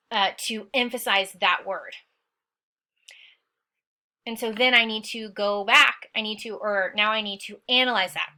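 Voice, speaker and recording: Bright-voiced teacher checking "okay?". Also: female voice, medium pitch. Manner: instructive, frequent "okay?" check-ins; stern about lazy writing. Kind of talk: essay walkthrough lesson.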